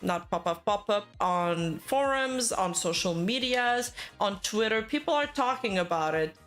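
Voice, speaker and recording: A woman's voice: medium pitch, lively intonation, unhurried, a bit bright, soft background music. A woman giving casual, rambling commentary on internet news, full of fillers and self-corrections.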